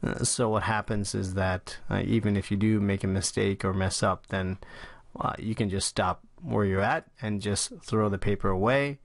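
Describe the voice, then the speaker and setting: Casual low-voiced man hosting a drawing tutorial. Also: steady tone, normal speed, vocal fry, no room sound. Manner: casual and chatty, with frequent "uh" fillers. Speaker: drawing channel host. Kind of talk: tutorial talk while sketching.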